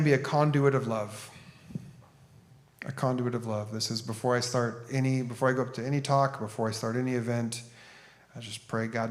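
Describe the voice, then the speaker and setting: A man addressing a conference audience in a relaxed, plain-spoken way. He talks like he is chatting with friends, moving easily into storytelling. His voice sits at an ordinary middle pitch. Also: vocal fry. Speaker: author and speaker. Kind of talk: conference talk.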